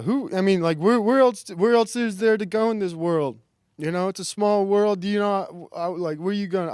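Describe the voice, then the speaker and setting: A man's voice: fairly high pitch, a little mellow, clear, resonant tone, no room sound, clean studio sound. A young man rambling through a self-deprecating comedic livestream monologue and reading the chat. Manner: rambling, self-deprecating, frequent restarts and laughs. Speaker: streamer and comedian.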